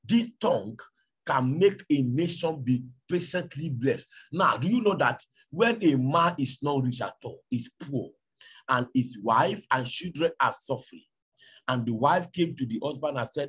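Man, pastor, Nigerian accent, husky, animated storytelling sermon. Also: mid-range voice, unhurried. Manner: storytelling, animated, acts out dialogue.

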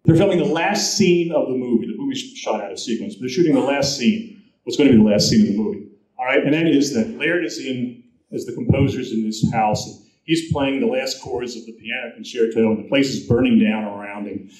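A male guest speaker giving a storytelling presentation at a convention, lively and anecdotal, acting out the quotes he tells. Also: mid-range voice, fairly quick. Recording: roomy echo, captured from the audience.

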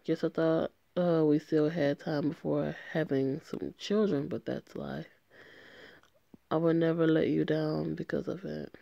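A woman's voice: low-pitched, little pitch movement, measured pace, gravelly, no room sound, dull audio, full character voice. A woman voicing a tender, remorseful young male gang member as she reads a story game aloud in an earnest, emotional way.

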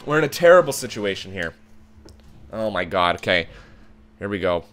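Excitable bright-voiced gamer man. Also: low voice, moderate pace, soft background music. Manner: excitable, swears and shouts at the game. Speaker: gaming channel host. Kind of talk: let's-play commentary.

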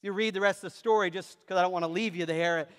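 A man's voice: high-pitched, fairly even intonation, quick pace, fairly bright tone. Man, pastor, sermon storytelling, repeats and restarts, reverberant church hall. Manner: storytelling with frequent repetitions and restarts.

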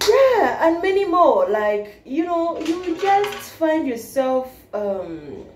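Woman, casual vlog chat, playful, laughs often, animated swooping pitch, echoey room. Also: takes it slowly. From Kenya. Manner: playful, laughs often, slips into Nigerian Pidgin phrases. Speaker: vlogger. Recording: roomy echo with faint background hiss.

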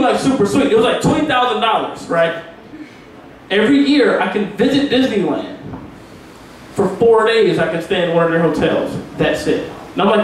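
A man from Virginia doing brash, profane open mic stand-up comedy in a small pub, laughing at his own jokes. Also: high-pitched. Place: small pub with a live crowd. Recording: echoey room from far off with crowd.

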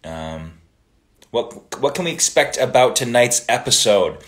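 A man hosting a casual livestream, reading out viewer comments and greetings and answering them in a relaxed way, now and then slipping into Italian phrases. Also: mid-range voice, unhurried.

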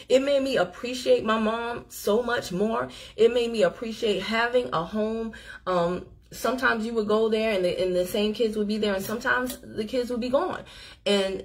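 Chatty woman telling a story on a livestream. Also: mid-range voice. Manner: animated, chatty, talks straight to the audience. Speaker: livestream host. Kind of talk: casual storytelling to viewers. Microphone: phone or webcam on a live stream.

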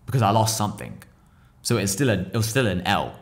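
A young man in his twenties, a podcast guest telling a story in slangy, profane, lively casual talk. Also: fairly low pitch, a little fast. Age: 20s. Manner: profane, slangy, animated retelling.

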